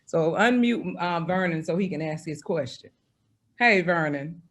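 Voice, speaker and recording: Host: man, high voice, reflective and encouraging, video call. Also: expressive, a little slow, fairly bright tone. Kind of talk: casual video-call conversation.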